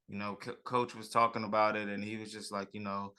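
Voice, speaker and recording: A man's voice: on the low side, flat delivery, fairly quick, bright, forceful tone, clean tone. A man co-hosting a sports podcast, talking casually and repeating himself, with "man" at the end of many phrases. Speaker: podcast co-host.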